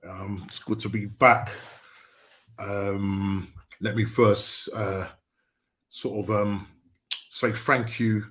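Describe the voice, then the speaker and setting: A middle-aged man hosting a podcast, talking casually in a halting, subdued way with many ums and uhs. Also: fairly low pitch, little pitch movement, a bit bright. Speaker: podcast host.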